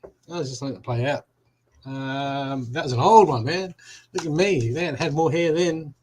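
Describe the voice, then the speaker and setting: A middle-aged man chats loosely to his live-stream audience from a room at home. His voice sits fairly high for a man, and his talk wanders, full of asides to viewers. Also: moderate pace, a little mellow, slight background noise, poor audio. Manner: chatty and rambling, laughing and talking to viewers. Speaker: psychic reader hosting a live stream. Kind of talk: casual live-stream chat.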